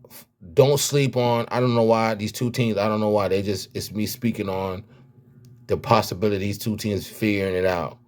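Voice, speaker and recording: A man with a Miami accent, a rapper and vlogger, talking casually about football with lots of slang and repeated words. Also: fairly low pitch. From United States. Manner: animated, slangy, repeats himself. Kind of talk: casual sports talk vlog.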